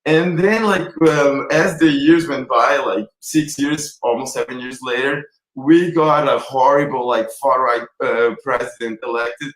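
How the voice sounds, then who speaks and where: A man's voice: medium pitch, unhurried, roomy sound, rough recording. A man from Brazil speaking animatedly and rambling as a guest in a virtual film Q&A. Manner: animated, rambling, self-described extravagant. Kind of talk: virtual Q&A conversation.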